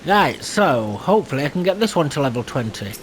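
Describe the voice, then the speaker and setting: A man's voice: fairly high pitch, very animated, brisk, a little hiss or hum. A man chatting casually over gameplay as a channel host, self-deprecating and prone to laughing at himself. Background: faint game music.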